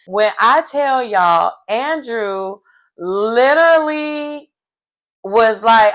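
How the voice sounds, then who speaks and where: A woman recapping a reality show episode in casual chat, animated and acting out what people said. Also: fairly high pitch, takes it slowly, low-quality recording. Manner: animated storyteller acting out quotes.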